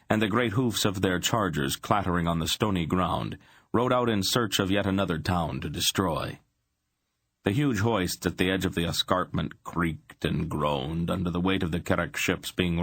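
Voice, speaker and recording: A male audiobook narrator with a low voice reads a fantasy novel in a steady, measured way. The recording is close and dry. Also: no room sound.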